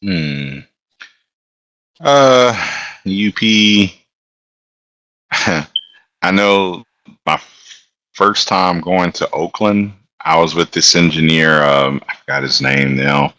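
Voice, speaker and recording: A man's voice: low-pitched, expressive, very slow, long pauses, bright, forceful tone, no room sound. A man, a guest telling laid-back stories on a podcast and laughing often. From Alabama. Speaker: guest, locomotive engineer. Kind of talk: casual storytelling on a podcast.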